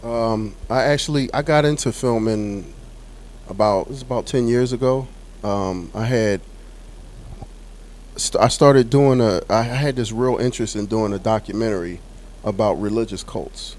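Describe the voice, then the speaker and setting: A man being interviewed about getting into filmmaking, speaking in a relaxed, rambling way with fillers. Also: on the low side, moderate pace. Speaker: filmmaker guest. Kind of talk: casual interview.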